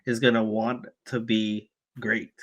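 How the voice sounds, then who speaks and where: Podcast co-host guy, kinda halting, says "you know" a lot. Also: on the low side, level tone, fairly bright tone. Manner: hesitant, repeats himself, many fillers. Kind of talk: casual chat.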